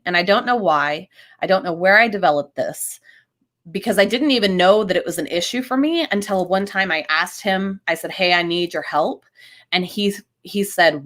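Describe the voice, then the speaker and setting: A woman with a lower-pitched voice co-hosts a casual podcast. She is blunt and frank and swears freely. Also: a bit bright. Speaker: podcast co-host.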